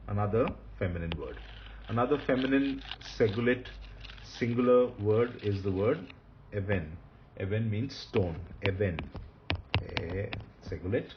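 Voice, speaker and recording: A man teaching Hebrew grammar in a recorded lecture, patient, repeating key points and often pausing with fillers. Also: on the low side, highs cut off, background noise.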